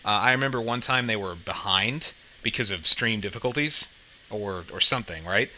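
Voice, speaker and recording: Bright-voiced man hosting a chatty podcast. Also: on the low side, normal speed, low-quality recording. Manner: chatty, upbeat, tags sentences with "right?". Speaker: podcast host. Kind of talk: casual podcast chat.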